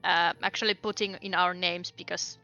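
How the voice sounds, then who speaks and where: A woman's voice: on the low side, level tone, normal speed, pushed and bright, highs cut off, soft background music. A woman playing a tabletop game, planning aloud in a rambling, casual way. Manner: rambling, many fillers. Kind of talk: casual chat.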